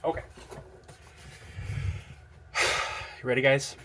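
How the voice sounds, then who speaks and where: A man excitedly unboxing and looking over a knife in a casual vlog, gushing and chatting to his viewers. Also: slow pace, slight background noise. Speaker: knife collector vlogger.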